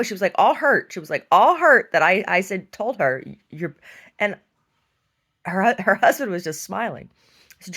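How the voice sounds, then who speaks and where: A woman artist who owns a gallery, telling a story casually in an animated, sardonic way and acting out the people in it. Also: lowish voice, moderate pace.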